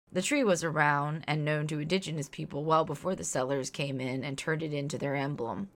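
A podcast host in her thirties from Louisiana, near New Orleans, reads a scripted segment in an earnest, outspoken and reflective manner. Her voice is low and a bit bright.

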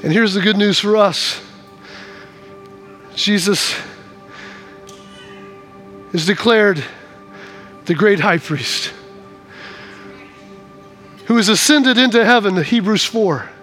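High, bright-voiced man preaching a sermon. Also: slow pace, long pauses, faint music behind. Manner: preaching with dramatic swings from hushed to shouting; acts out scenes in the voices of people in the story. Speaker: pastor. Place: church.

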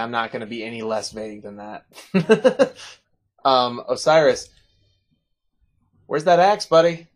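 Casting: unhurried, teasing game master man narrating a tabletop session. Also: medium pitch. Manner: playful, laughs at his own twists.

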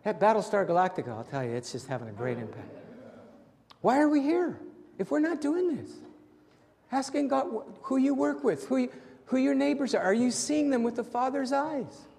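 A pastor preaches with a high-pitched voice, repeating and restarting phrases as he presses his point. His delivery swings between loud, animated appeals and quiet, hushed moments. A long reverb hangs on his words, as in a large hall. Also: moderate pace, creaky, slight background noise. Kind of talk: sermon.

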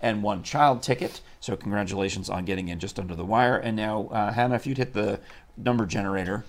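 A man with a gravelly, creaky voice hosts a relaxed morning talk show. He chats easily, jokes and throws in quick asides, keeping things moving. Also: lowish voice. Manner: chatty, joking, quick asides. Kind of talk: casual live show chat.

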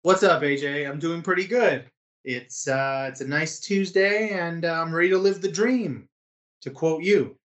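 Easygoing male co-host, slightly high voice. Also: a little slow. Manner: relaxed, rambling with many fillers. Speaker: podcast co-host. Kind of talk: casual chat.

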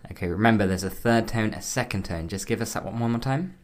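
A man's voice: lowish voice, fast talker. A man co-hosting a Mandarin lesson podcast, asking questions and spelling out pinyin and tones. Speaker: co-host learner.

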